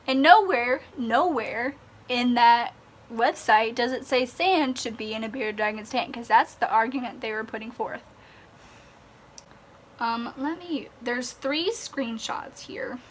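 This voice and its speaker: A woman's voice: high-pitched, measured pace, a little hiss or hum. A young woman ranting in a vlog, exasperated and sarcastic, sighing and swearing. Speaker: vlogger.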